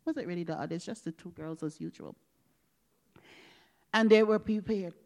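A woman's voice: lowish voice, normal speed. Dramatic woman preaching a testimony. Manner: dramatic, swings from loud exclamations to hushed whispers; acts out quoted dialogue with God. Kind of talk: personal testimony sermon.

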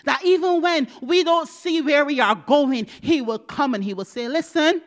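A woman's voice: high-pitched, normal speed. Dramatic woman preaching a testimony. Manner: dramatic, swings from loud exclamations to hushed whispers; acts out quoted dialogue with God. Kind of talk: personal testimony sermon.

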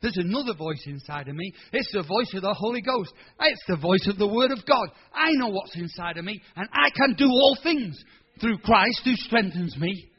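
A man's voice: high voice, lively intonation, normal speed, husky, dull audio. A man in his sixties voicing a stubborn old farmer who runs a race, speaking in a firm, determined way. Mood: defiant. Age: 60s. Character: stubborn 61-year-old male farmer runner, defiant and faithful.

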